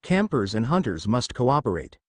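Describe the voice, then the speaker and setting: A man voicing a wise old centaur mentor who speaks in a measured, cautioning way, in a fantasy story reading. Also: medium pitch, sing-song, dry recording. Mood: grave.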